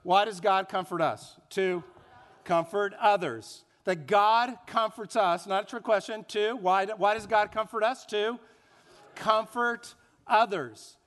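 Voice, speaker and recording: High-voiced preacher in an echoing hall. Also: male voice, slow pace. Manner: animated preaching with rhetorical questions and call-and-response. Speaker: pastor. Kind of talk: sermon. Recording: long hall reverb.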